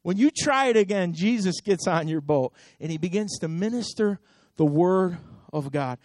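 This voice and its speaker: Man, pastor, sermon, high voice, dry close sound, fiery, loud-to-hushed swings. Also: expressive, normal speed, no room sound. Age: adult. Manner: impassioned preaching with sharp swings between loud and hushed; repetitive exhortation.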